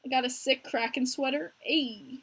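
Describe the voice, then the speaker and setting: A young American woman hosting a casual hockey podcast stream, talking in an animated, chatty way and answering viewers by name. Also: high voice, normal speed, husky. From United States. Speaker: podcast host streaming live with chat.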